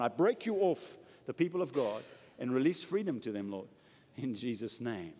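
A man delivers a sermon with emphatic, swinging delivery, his voice sitting a bit high and ranging widely. The sound carries a long reverb from a large church hall. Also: normal speed. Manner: emphatic, animated preaching. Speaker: preacher.

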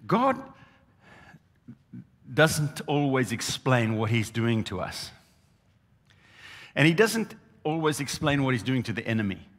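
Emphatic, animated male preacher. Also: medium pitch, takes it slowly, pauses often, long reverb tail. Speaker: pastor. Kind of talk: sermon.

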